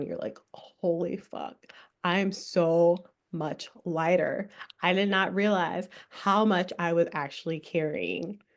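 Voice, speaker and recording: A woman's voice: lowish voice, a little mellow. A young woman hosting a spiritual workshop, talking casually, laughing often and swearing freely as she leads a breathing exercise. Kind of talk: casual live workshop talk with guided breathing.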